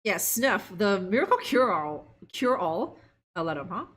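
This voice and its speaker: Woman game streamer, lively and bright, chatty and giggly, riffing with chat. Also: medium pitch, unhurried. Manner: chatty, laughing, talks to chat. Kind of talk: live gameplay commentary.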